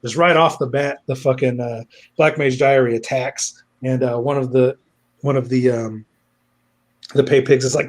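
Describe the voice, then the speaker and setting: A man's voice: mid-range voice, steady tone, moderate pace. A man casually retelling a plot as a reviewer, rambling and swearing with many fillers. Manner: rambling, profane, lots of fillers.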